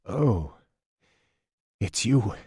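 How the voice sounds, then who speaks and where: Audiobook figure: stubborn wounded man, gruff and low, voiced by the male narrator; dry close recording. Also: moderate pace, darkish tone, no room sound, lightly acted.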